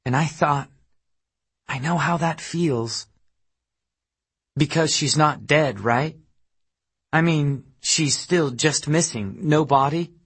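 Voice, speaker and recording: Guy doing a wary bitter mom from memphis, husky, slow and confiding, snappy with her family. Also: on the high side, fairly bright tone, pitched above the performer's own voice, full character voice. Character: guarded, bitter woman, a mother of young kids.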